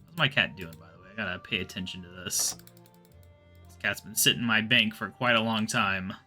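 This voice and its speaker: A man giving relaxed, rambling commentary while playing a game, often muttering to himself. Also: fairly low pitch, brisk, soft background music. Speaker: gaming video host. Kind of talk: casual gameplay commentary.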